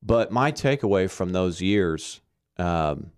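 A man's voice: deep voice, expressive, takes it slowly, clean tone. A man from Arkansas giving earnest, emphatic Christian teaching in conversation, often checking in with "okay?".

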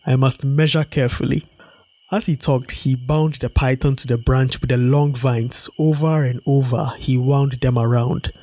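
A man narrating a folktale in a steady storybook read-aloud. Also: mid-range voice, measured pace, hardly any pauses.

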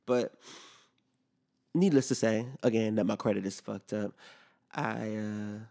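A man's voice: fairly low pitch, unhurried, creaky, dark tone. A young man hosting a podcast, telling a story in a casual, profane rant and acting out both sides of each conversation. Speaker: podcast host.

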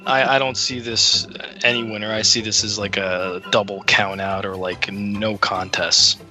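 Bright-voiced, riled-up male podcast co-host. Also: on the low side, level tone, unhurried, faint music behind. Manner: heated, rambling, riled up. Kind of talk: casual wrestling chat.

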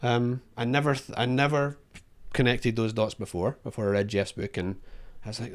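A man's voice: mid-range voice, little pitch movement, normal speed, hardly any pauses. A man co-hosting a podcast, talking casually with many restarts and fillers. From Australia. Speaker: podcast co-host.

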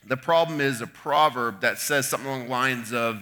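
A man preaching a sermon, retelling a Bible story in an animated way with asides to his listeners. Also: medium pitch, a little fast, few pauses.

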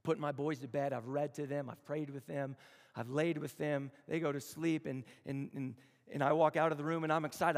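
Creaky-voiced man preaching in a hall. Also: a little high. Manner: storytelling, conversational, with slow emphatic phrases. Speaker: campus chapel speaker. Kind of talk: sermon. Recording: long hall reverb.

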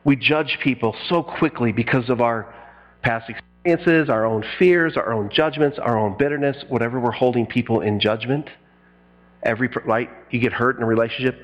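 Animated preaching man, lo-fi sound. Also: mid-range voice, normal speed. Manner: animated preaching with acted-out quotes and sudden loud bursts. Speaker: pastor. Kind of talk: sermon.

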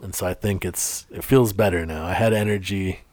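A man's voice: sits low, moderate pace, a little mellow, no echo. A man co-hosting a podcast, telling a story in casual, rambling chat, often restarting his sentences. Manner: rambling, self-interrupting, laughs while telling a story. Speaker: podcast co-host.

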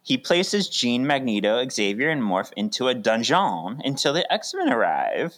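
A man's voice: mid-range voice, unhurried. Guy cohosting a podcast, laughs a lot, voice jumps all over. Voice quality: laughs often, animated delivery. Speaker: podcast co-host. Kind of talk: casual podcast chat.

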